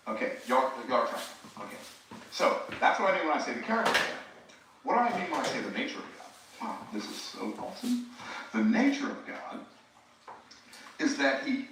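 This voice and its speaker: A man's voice: high voice, bright, forceful tone, a little hiss or hum. A man, giving a live teaching talk as a preacher and speaking coach, talking conversationally and addressing the audience directly. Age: 60s. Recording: roomy, distant mic.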